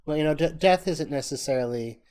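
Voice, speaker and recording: A man's voice: a little high, a little fast, darkish tone, smooth. A man co-hosting a podcast, chatting casually and thoughtfully with his co-host and chat.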